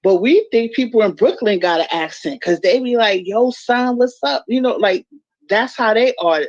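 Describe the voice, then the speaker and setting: A woman with a New York accent who laughs easily and keeps insisting on her point. Her pitch swings widely as she talks. Her voice comes through dull and muffled, like call audio. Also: lively intonation, moderate pace, dry recording. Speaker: guest co-host. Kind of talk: casual chat.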